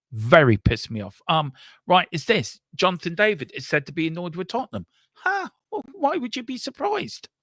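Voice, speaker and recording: Furious sweary football fan. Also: male voice, medium pitch, a bit bright, no room sound, clean studio sound. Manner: angry, sweary, repetitive ranting. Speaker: fan channel host. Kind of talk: live-streamed football fan rant.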